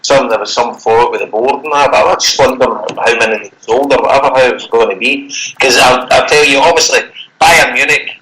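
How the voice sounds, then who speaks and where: A Scottish man co-hosts a podcast, talking loosely and rambling about football while swearing and laughing readily. His medium-pitched voice has a sharp tone, and the rough recording carries slight background noise.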